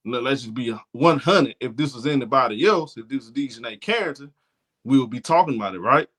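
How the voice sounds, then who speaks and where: A man's voice: medium pitch, expressive, brisk, fairly bright tone. A man hosting a sports talk show, giving blunt, indignant commentary and often repeating himself.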